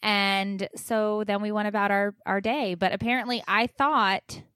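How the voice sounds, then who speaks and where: A mother in her thirties co-hosting a casual chat and telling an animated story, acting out the dialogue. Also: mid-range voice, unhurried, smooth, dry recording, studio quality. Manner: animated storyteller, acts out quotes loudly. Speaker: co-host.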